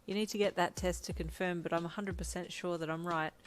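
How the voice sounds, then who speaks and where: A woman reading a fan story, voicing an affectionate, doting young man with a soft, tender delivery. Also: lowish voice, steady tone, fast, a little hiss or hum, lightly acted. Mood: cheerful.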